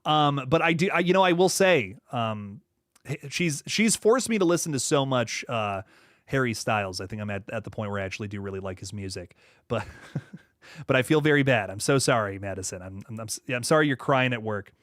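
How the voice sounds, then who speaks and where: A young man hosting a horror livestream, chatting casually and reading viewer comments aloud, often laughing and dropping into low asides. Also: lively intonation, brisk, fairly bright tone, no echo, clean studio sound. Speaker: horror channel host reading live chat.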